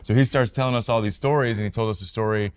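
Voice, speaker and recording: A man hosting a casual interview, trading ballplayer stories in a relaxed way and laughing along. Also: fairly low pitch, fast, clear, resonant tone. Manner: relaxed, laughs along, drops into quoted voices. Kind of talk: casual storytelling chat.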